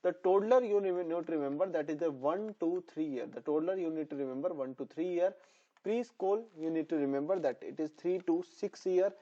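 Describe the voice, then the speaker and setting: Guy tutoring pediatrics, slightly hoarse, kinda high mellow voice, repeats stuff a lot, muffled lo-fi audio. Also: a little fast. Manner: repetitive, drilling terms for memorization. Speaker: nursing exam tutor. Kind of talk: online lecture. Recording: dull lo-fi sound.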